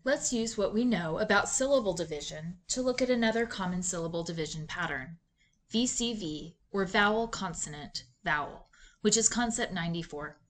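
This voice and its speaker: Measured woman narrating a reading lesson. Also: medium pitch, animated. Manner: clear, measured, deliberate teaching delivery. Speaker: literacy instructor. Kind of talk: scripted instructional narration.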